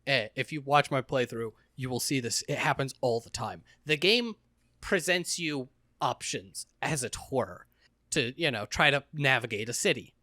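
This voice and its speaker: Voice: medium pitch, lively intonation, normal speed, pushed and bright, dry recording, studio quality. A podcast co-host recapping a game in casual chat, sarcastic and wry.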